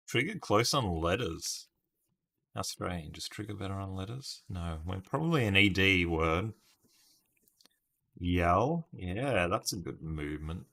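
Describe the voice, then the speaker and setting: A man's voice: low voice, creaky, fairly bright tone. A man casually live-streaming a word puzzle, thinking aloud over his guesses and chatting with viewers by name. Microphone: webcam stream setup.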